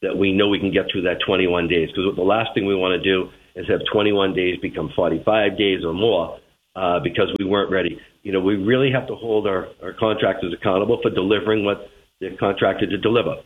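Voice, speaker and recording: A man with a Boston accent answers radio interview questions in a measured, plain-spoken way. His voice sits a bit low. It comes through a tinny phone line. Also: steady tone. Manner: plain-spoken, measured, repeats words at starts. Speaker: transit general manager, interviewee.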